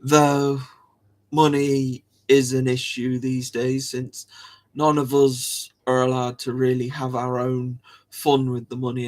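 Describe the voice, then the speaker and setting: A man's voice: mid-range voice, darkish tone. A young man, chatting casually on a live stream, rambling, restarting sentences and giggling often.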